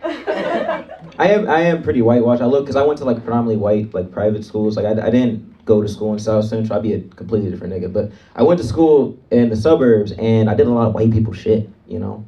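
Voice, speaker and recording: A man's voice: on the low side, expressive, fast talker, muffled recording. A man from South Central Los Angeles doing a casual, swearing, self-deprecating stand-up set. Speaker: stand-up comedian. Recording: distant stage mic with loud noise.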